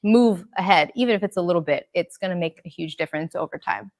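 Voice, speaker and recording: A woman talks as a guest in a relaxed conversation, her voice low for a woman. She gives earnest, encouraging advice and repeats her key phrases. The recording is dry and close. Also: fast, no room sound. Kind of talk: casual conversation.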